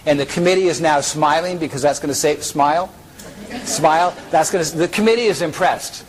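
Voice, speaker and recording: A man's voice: on the high side, a little fast, slight background noise, low-quality recording. A man giving a conference keynote, joking and bringing audience members up to act out a story. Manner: lively, joking, pulls audience members on stage. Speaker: keynote speaker.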